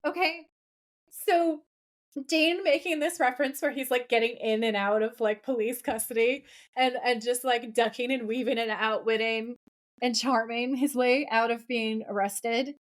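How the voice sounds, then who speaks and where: A woman co-hosting a podcast, recapping a TV episode in casual, animated chat full of laughs and "like" fillers. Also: a little high, moderate pace. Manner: animated, giggly, frequent "like" fillers. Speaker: podcast co-host.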